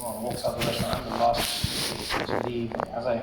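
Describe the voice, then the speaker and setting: A man performing stand-up comedy, telling a story with animated delivery to a large live audience. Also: mid-range voice, moderate pace, very noisy. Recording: echoey arena from far off, loud crowd.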